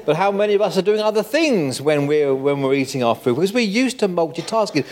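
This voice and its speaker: A man's voice: fairly high pitch, animated, quick pace, darkish tone. An older man giving a conversational sermon, full of rhetorical questions to the congregation. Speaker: preacher.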